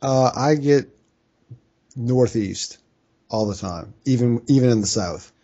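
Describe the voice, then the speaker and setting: A man from New Orleans, a guest on a sports podcast, trading dry deadpan one-liners. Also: mid-range voice, slow pace, muffled recording. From New Orleans, Louisiana. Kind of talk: casual sports podcast chat.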